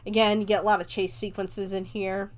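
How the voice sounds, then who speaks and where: A talkative woman runs through a movie's plot in a loose, casual recap. Her voice sits at an everyday middle pitch, and she peppers her speech with fillers and quick laughs. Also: flat delivery. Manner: chatty, heavy on "like" fillers, laughs often. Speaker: movie reviewer.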